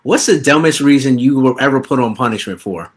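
A young man hosting a casual podcast chat, rambling with many halting restarts. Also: mid-range voice, expressive.

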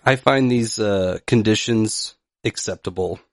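A man's voice: on the low side, unhurried, no echo, clean studio sound. A man co-hosting a podcast in casual, joking chat. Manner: playful, joking. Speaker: podcast co-host.

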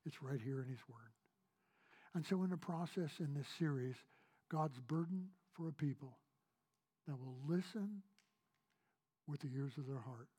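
A man preaching a sermon as pastor, earnest and repetitive, swinging between raised emphasis and soft, hushed lines. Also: fairly high pitch, breathy edge.

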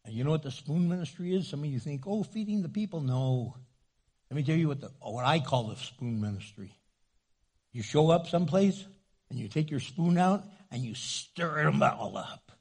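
A man preaching a sermon as a pastor, from New Mexico, joking with the congregation and doing quick funny voices. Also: fairly high pitch, expressive, darkish tone, breathy edge.

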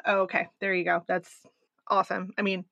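A woman co-hosting a podcast, recapping a documentary in casual chat with animated asides. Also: mid-range voice, brisk, creaky, dry recording, dull audio. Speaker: podcast co-host.

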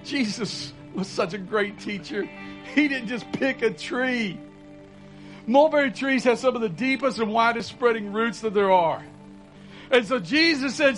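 A pastor preaches in a strikingly high, expressive voice at a moderate pace, his manner folksy and conversational. When he wants to hammer a point, he rises to urgent emphasis with repeated phrases. The recording is rough, with faint music playing softly in the background.

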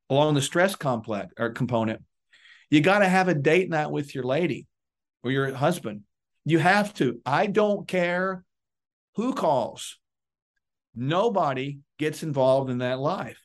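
A man giving emphatic coaching advice in a conversational interview, with lively, punchy bursts. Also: on the high side, measured pace. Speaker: police wellness guest.

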